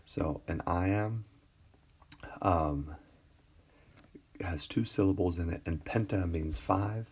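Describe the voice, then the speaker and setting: A man teaching an English class in a screencast lecture, relaxed and full of fillers and restarts. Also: low-pitched, slow pace, long pauses, breathy edge. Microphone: tablet recording.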